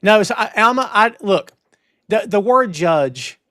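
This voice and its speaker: A man hosting a wrestling news talk show, emphatic and animated, with lots of restarts. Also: high-pitched, unhurried, no room sound, studio quality. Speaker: podcast host. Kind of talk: casual wrestling news chat.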